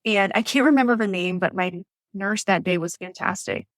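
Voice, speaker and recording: A woman in her thirties telling her birth story as a podcast guest, lively and quick to act out what people said. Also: mid-range voice, dry recording. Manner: animated storytelling, acts out quotes.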